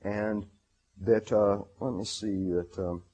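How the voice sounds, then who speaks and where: A man giving a lecture presentation, reading passages aloud, halting with many fillers and restarts and enthusiastic about his material. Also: lowish voice, fairly even intonation, mellow, slightly rough.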